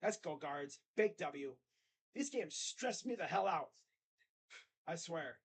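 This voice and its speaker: A man hosting a live sports reaction stream, chatty and excitable, talking straight to his viewers. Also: a little high, takes it slowly, breathy edge.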